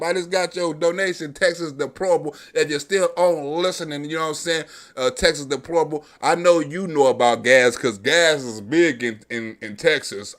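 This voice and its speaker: A man's voice: a little high, a bit bright. A man hosting a livestream, delivering a profane, mocking comedic rant straight to his audience. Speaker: livestream host. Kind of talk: comedic political commentary rant.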